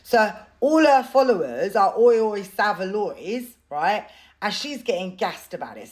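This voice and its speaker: A woman telling a story-time vlog in a blunt, sarcastic way and swearing now and then. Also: on the low side. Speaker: content creator.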